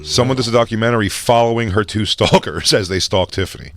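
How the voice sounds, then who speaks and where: A man's voice: lowish voice, quick pace. A man co-hosting a comedy podcast, firing off crude, teasing jokes in casual banter. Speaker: podcast co-host.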